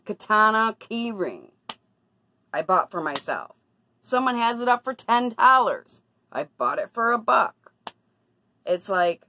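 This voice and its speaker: A woman's voice: medium pitch, a bit bright, no echo, low-quality recording. A woman talking casually to her camera in a personal vlog, confiding and then indignant about bad deals. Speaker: vlogger.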